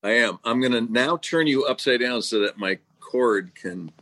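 A man talks as a guest on a podcast through his phone on a video call. He chuckles often and keeps a relaxed, self-deprecating tone. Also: mid-range voice, normal speed. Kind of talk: casual podcast chat. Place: home without power.

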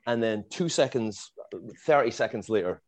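A middle-aged man who moved to the United States from abroad, telling a long, animated fan story in casual chat, full of fillers and little laughs. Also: on the low side, normal speed, no room sound.

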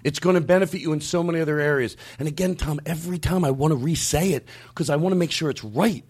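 A man hosting a podcast in casual chat, talking in a rambling, animated way with some swearing. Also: a little high, quick pace, slightly rough. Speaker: podcast host.

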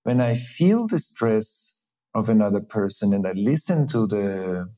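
A man with a low, warm, mellow voice talks in a reflective conversation. He thinks aloud, pausing on fillers and circling back to restart his sentences. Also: very animated. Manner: thoughtful, halting, many restarts and fillers. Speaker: host.

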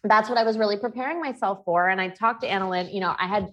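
A woman's voice: mid-range voice, fast talker, a bit bright. A woman in her thirties, a podcast co-host, talking frankly and emotionally in candid personal chat and swearing freely.

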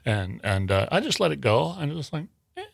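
A man's voice: mid-range voice, sing-song, a little fast, creaky, no room sound, studio quality. A man from Wyoming, a guest author on a podcast, telling a story in a rambling way with many restarts. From Wyoming, USA. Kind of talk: casual podcast interview.

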